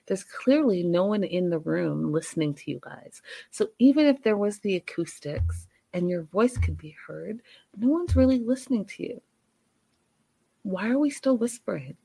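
A woman's voice: mid-range voice, vocal fry, breathy edge. Chatty woman recapping a reality show. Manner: chatty, animated, sarcastic asides. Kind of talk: casual recap vlog.

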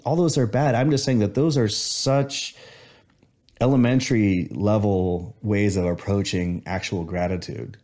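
Male guest, low voice, reflective storyteller, loose restarts, casual podcast chat. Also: steady tone, unhurried, darkish tone. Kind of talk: casual conversation.

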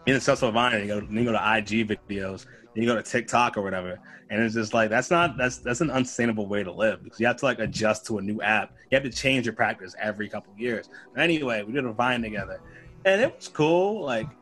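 A man's voice: fairly low pitch, fast talker, few pauses, soft background music. A young man from the Boston area, a comedian, telling stories in casual chat and acting out the people he quotes. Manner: animated storyteller, acts out quoted voices.

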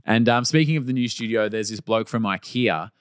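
A man's voice: on the low side, a little fast, clear, resonant tone, no room sound, clean studio sound. A man co-hosting a podcast, telling stories in a wry, teasing way. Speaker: podcast co-host. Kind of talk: casual podcast chat. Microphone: studio mic.

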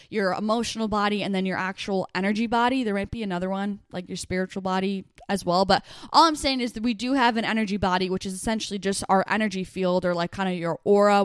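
A woman's voice: medium pitch, no room sound, studio quality. A young woman, hosting a self-help podcast in a casual, chatty way, full of "like" fillers and restarts. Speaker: podcast host.

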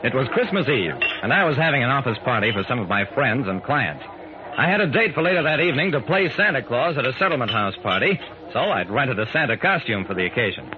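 A man's voice: medium pitch, very animated, quick pace, a crowd in the background, close to an everyday voice. An actor playing a wry private detective who narrates his own case, in 1940s radio acting style. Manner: dry, amused first-person narration. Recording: tinny old radio broadcast with hiss.

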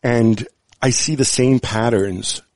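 A man's voice: medium pitch, fairly even intonation, takes it slowly, a little mellow, dry recording. A man chatting as a podcast guest, thoughtful and rambling, with frequent restarts and fillers. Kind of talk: casual chat.

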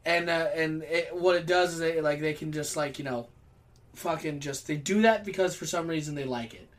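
A man's voice: fairly high pitch, normal speed. A man co-hosting a comedy podcast, reacting with profane, incredulous outbursts in casual chat. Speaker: podcast co-host.

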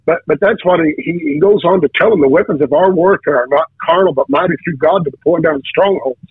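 A man's voice: on the high side, quick pace, husky, no room sound. Preacher telling his story over a tinny phone line. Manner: storytelling, many restarts and stammered repeats. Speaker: preacher guest. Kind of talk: casual testimony on a talk show.

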